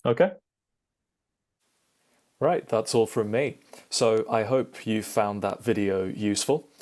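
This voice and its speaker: Man, teacher, low voice, dry close sound, explanatory, says okay a lot. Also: slow, darkish tone, no room sound. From Britain. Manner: explanatory, with frequent "okay" and "um" fillers. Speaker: IELTS teacher. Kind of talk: recorded lesson to camera.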